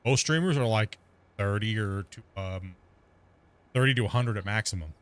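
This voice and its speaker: Rapid-fire rambling gaming streamer man. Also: lowish voice. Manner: talks extremely fast, rambling with many restarts. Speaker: streamer host. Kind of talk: casual gaming chat.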